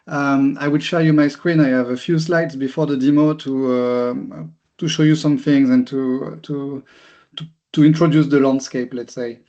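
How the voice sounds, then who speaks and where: A man's voice: mid-range voice, fairly even intonation, moderate pace, darkish tone, highs cut off. A man with a strong French accent giving a webinar presentation as a company CEO, hesitant and repeating words. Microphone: video call.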